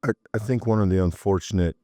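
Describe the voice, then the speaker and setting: A man discussing scripture in a Bible study, thoughtful and measured, stammering a little as he starts his phrases. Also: on the low side, mellow, no echo, clean studio sound. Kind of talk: conversational Bible teaching.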